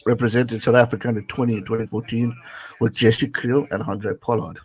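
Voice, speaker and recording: A man's voice: mid-range voice, little pitch movement, a little fast, breathy edge, low-quality recording. A young man giving casual live watch-along commentary on a rugby match, chatting with viewers and reading out their messages.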